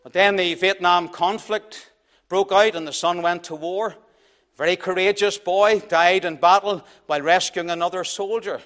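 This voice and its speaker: A man preaching a sermon in a church, telling a story dramatically and swinging between loud and hushed delivery. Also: high voice.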